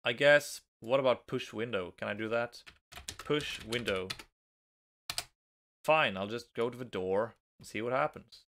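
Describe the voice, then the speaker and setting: A man's voice: medium pitch, a little slow, long pauses, a bit bright. A young man with a Norwegian accent, a native Norwegian speaker, casually commenting on a game he plays and reading its text aloud with nervous giggles. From Norway. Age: young adult. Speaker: let's play host.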